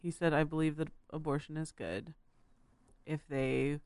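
A co-host joins in on a commentary show, mostly with brief interjections and short asides. The talk is casual and quick. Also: medium pitch, little pitch movement, a little mellow. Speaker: podcast co-host.

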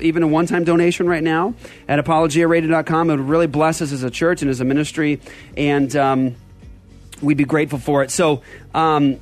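A middle-aged man hosting a church podcast, chatting casually and rambling through appeals. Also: on the high side. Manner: rambling, restarting pleas for donations. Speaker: podcast host. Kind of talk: casual chat.

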